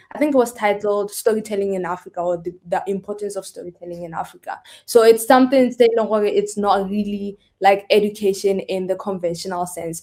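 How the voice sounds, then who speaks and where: A woman, a guest in a casual interview, chatty and quick to laugh. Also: mid-range voice, a little mellow. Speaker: guest, scholarship founder. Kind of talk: casual interview chat mixing in Setswana.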